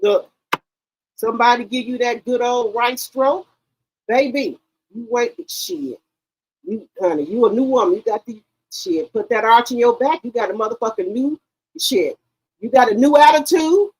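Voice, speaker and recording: A woman hosting a live stream, telling stories in an animated, laughing and profane way. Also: fairly high pitch, low-quality recording. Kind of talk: casual chat on a live stream.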